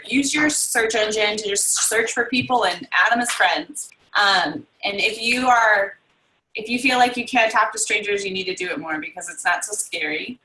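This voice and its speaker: A woman's voice: mid-range voice, bright, forceful tone. A woman hosting a casual team video call, rambling and reading out comments, with lots of ums and likes. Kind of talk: casual chat. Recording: echoey room on a video call.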